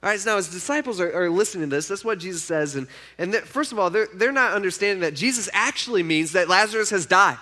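A man's voice: high voice, expressive, fast talker, sharp tone. A man preaching, retelling a Bible story in a casual, chatty way and acting out the characters' lines.

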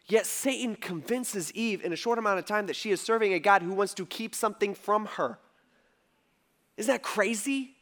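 A male pastor preaching a conversational sermon, animated and swinging between soft and loud. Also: extremely high pitch, brisk.

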